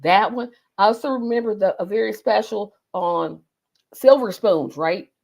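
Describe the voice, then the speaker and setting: A talkative woman with a light lilt rambles through a casual solo chat. She often stops to correct herself and fills gaps with drawn-out ums. Her voice sits at an ordinary middle pitch. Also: gravelly, a little mellow. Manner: chatty, meandering, lots of ums and self-corrections. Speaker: host. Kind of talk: casual nostalgic monologue.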